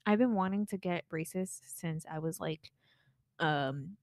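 A young woman co-hosting a podcast, talking in a relaxed, hesitant way with plenty of fillers. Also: on the low side, slow, no echo, clean studio sound. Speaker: podcast co-host. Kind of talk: casual chat.

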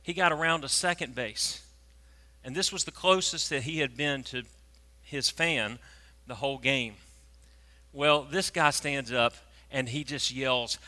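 Bright-voiced preacher in a hall. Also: male voice, mid-range voice, unhurried, long pauses. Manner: animated storyteller, swings from hushed to loud. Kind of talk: humorous sermon storytelling. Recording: long reverb of a large hall.

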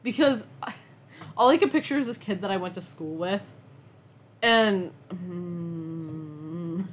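A woman's voice: lowish voice, takes it slowly, a little hiss or hum. A young woman co-hosting a podcast in casual chat, joking and ranting with bursts of laughter. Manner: giggly, animated, jokey rants. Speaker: podcast co-host.

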